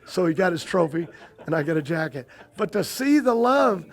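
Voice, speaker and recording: An older man in a casual interview, spinning a long family story. He stops and restarts constantly, piling up fillers as he goes. His voice sits a little on the high side. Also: big pitch swings. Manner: rambling, halting with many restarts and fillers. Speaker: guest.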